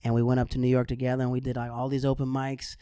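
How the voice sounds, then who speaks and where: A man from Florida hosting a podcast, telling lively anecdotes in casual chat and acting out the people in them. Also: medium pitch, racing, clear, resonant tone, dry recording, studio quality. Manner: animated anecdotes with lively voiced quotes. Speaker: podcast host.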